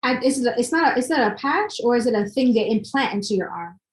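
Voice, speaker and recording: A woman hosting a podcast, asking quick clarifying questions for listeners. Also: on the high side, expressive. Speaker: podcast host. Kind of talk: interview questions.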